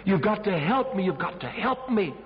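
A man's voice: high-pitched, sing-song, moderate pace, dull audio. A man voicing a panicked male servant who begs his master for help after meeting Death, in a recording with long hall reverb. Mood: panicked pleading. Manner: pleading, breathless, frantic.

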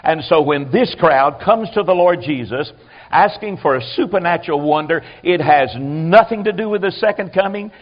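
Male preacher mid-sermon, animated with quiet asides, slightly high voice, muffled old recording. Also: normal speed.

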